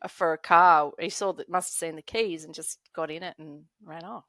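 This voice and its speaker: A woman's voice: deep voice, normal speed, a bit bright, dry recording. A middle-aged woman from Australia telling a story as a podcast guest, laughing often and acting out the voices of the people in it. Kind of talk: animated storytelling.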